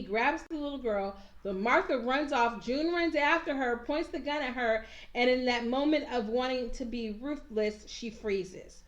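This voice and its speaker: Sassy, animated woman reviewer. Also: high-pitched, normal speed, few pauses. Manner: animated, sassy, acts out characters. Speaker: TV recap reviewer. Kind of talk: casual chat. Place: at home, handheld camera.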